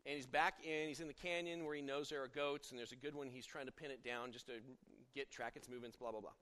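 Here a middle-aged man delivers a sermon as a pastor, chatting and telling stories while frequently breaking off to begin sentences again. He talks fast in a mid-range voice that is bright and forceful, with fairly even intonation, and the room gives a long hall reverb.

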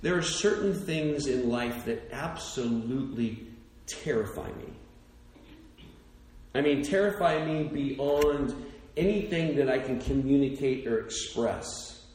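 A man preaching a sermon, dropping soft and low for hushed passages and climbing to near-shouts at the peaks. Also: expressive, takes it slowly, roomy sound, rough recording. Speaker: pastor.

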